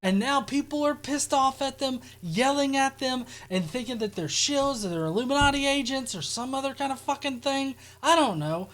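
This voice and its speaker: A woman hosts a casual show, reading comments and mocking them with crude, sarcastic remarks. Her voice sits a little high. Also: animated, normal speed, hardly any pauses, a bit bright. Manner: crude, sarcastic, laughing asides. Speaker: show host.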